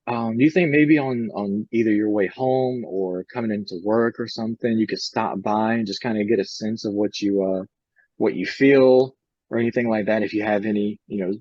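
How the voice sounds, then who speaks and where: Man, thirties, podcast co-host; low voice, dull dry recording, chatty storyteller. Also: fairly even intonation, fairly quick, dark tone, no echo. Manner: retells conversations, many fillers and restarts. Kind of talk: casual storytelling.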